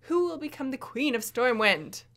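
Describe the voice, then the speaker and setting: A woman's voice: sits high, animated, moderate pace, fairly bright tone. A woman co-hosting a casual chat, answering her partner with short, supportive and teasing replies. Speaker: YouTube co-host.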